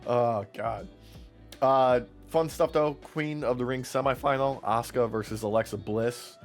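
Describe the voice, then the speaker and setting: A man's voice: medium pitch, a little slow, faint music behind. A man co-hosting a podcast, recapping wrestling in casual chat, swearing often and acting out what the wrestlers said. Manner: profane, laughing, acts out quotes in voices. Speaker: podcast co-host.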